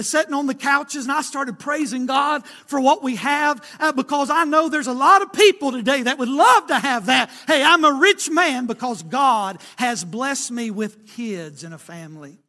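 A man's voice: very high-pitched, bright, forceful tone. A man, preaching a sermon in a folksy storytelling way, swelling and dropping for emphasis. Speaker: pastor.

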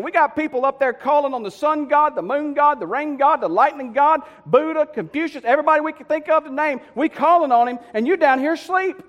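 A preacher acting as a frantic ship captain. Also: male voice, very high-pitched, pitched above the performer's own voice. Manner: urgent, pleading, emphatic. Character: frantic male ship captain, middle-aged. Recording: long hall reverb.

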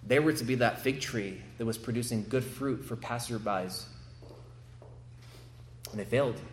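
A man preaching an expository sermon, building to emphatic swells and slowing down to stress key phrases. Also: mid-range voice, a little hiss or hum. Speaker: pastor. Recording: echoey room.

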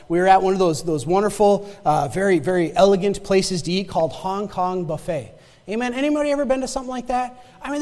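A man's voice: sits high, a little mellow, in a large hall. A male pastor preaching a sermon in a conversational storytelling way, often restarting and repeating words and asking the congregation direct questions.

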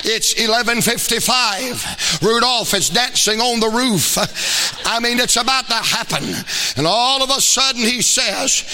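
Male preacher, very high pitch, bright sing-song cadence, shouts at peaks; use for sermon clips. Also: lively intonation, a little slow.

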